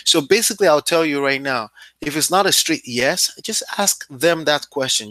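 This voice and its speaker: A man's voice: mid-range voice, animated, moderate pace, bright, forceful tone, dry recording. A man coaching real estate wholesaling in a loose, conversational way, often checking in with his listeners. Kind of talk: casual instructional talk.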